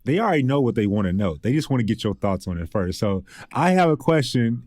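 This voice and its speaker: A man's voice: mid-range voice, big pitch swings, fast, a little mellow, dry recording, clean studio sound. A man co-hosting a podcast, an easygoing storyteller in casual chat who laughs often. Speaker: podcast co-host.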